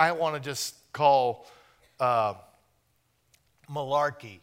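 A man preaching a sermon in a folksy, joking way, building up to loud, animated emphasis. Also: on the high side, a little slow, long pauses.

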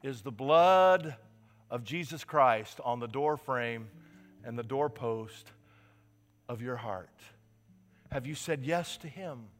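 A man's voice: mid-range voice, slow pace, pauses often. A male pastor preaching a sermon with passion, stressing his points by repeating words. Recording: reverberant hall with soft guitar.

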